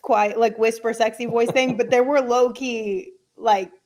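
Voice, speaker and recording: A woman's voice: a little high, fairly even intonation, measured pace, a little mellow. Woman cohost on a sports podcast, upbeat, cheering the others on. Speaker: co-host. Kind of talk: casual podcast banter.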